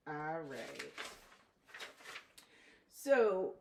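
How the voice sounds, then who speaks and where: A woman teacher giving a phonics lesson, spelling letters out slowly and deliberately, recorded from a distance in a classroom. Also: medium pitch, faint music behind. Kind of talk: phonics lesson, step-by-step instruction. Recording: echoey room from far off, faint noise.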